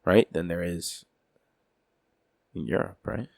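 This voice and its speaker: A man's voice: deep voice, slow pace, gravelly, darkish tone, no echo, clean studio sound. A man co-hosting a podcast in casual, profane chat, calling his friend "bro" a lot. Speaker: podcast co-host.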